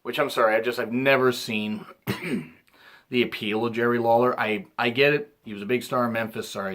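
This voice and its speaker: Man clearing his throat through a rambling recap. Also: mid-range voice, fairly bright tone. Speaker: wrestling reviewer. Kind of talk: casual recap commentary.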